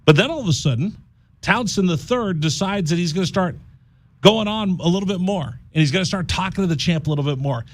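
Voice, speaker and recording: This is a male college radio host spinning a comic story in casual banter. His voice sits high and swings widely as he plays up the punchlines. The studio sound is close and dry. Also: brisk, no echo. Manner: animated, jokey storyteller who slips into mock voices.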